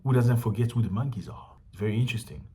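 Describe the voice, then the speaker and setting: A man's voice: mid-range voice, lively intonation, racing, dark tone, slight background noise. Passionate man with a Congolese accent. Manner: passionate, rhetorical, repeats questions. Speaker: commentary channel host. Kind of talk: casual opinion commentary.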